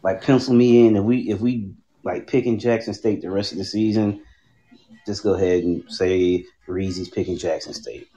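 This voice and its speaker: A man co-hosting a casual sports chat, laying out his picks with measured, wry reasoning. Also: on the low side, steady tone, dark tone, muffled recording. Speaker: sports podcast co-host.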